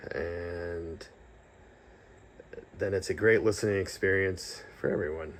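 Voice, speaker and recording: A middle-aged man talking casually about podcasting, rambling with fillers and restarts, laughing often and letting out a breathy sigh after long phrases. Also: deep voice, slow, slight background noise. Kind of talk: casual vlog talk.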